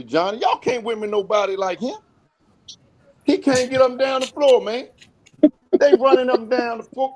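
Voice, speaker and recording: A man's voice: very high voice, a little mellow. A middle-aged man, a former college basketball player, trading boastful jokes as a guest in a casual sports chat, repeating words and laughing often.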